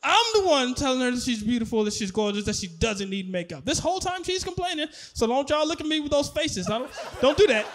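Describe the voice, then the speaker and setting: A man performing a stand-up comedy set on stage, animated, laughing and shouting at his punchlines. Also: very high-pitched, fast, hardly any pauses. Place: comedy stage before a live audience.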